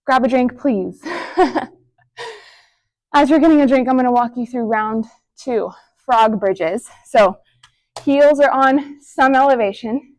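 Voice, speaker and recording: Breathless upbeat woman coaching a workout. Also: high voice. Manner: encouraging, counting down reps between short breathy exhales. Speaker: fitness instructor. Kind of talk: follow-along workout instruction.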